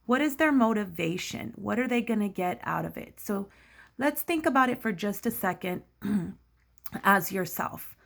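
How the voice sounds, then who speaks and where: A woman's voice: medium pitch, animated, moderate pace, vocal fry. A woman teacher giving a recorded lesson to children, patiently explaining and asking many questions.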